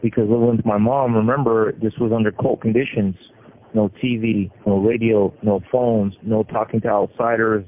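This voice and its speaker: A middle-aged man from California, an inmate, tells his life story over a prison phone call, halting and restarting his sentences often. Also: lowish voice, level tone. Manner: halting, with frequent restarts and repeated words. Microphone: prison telephone. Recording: tinny phone line with faint hiss.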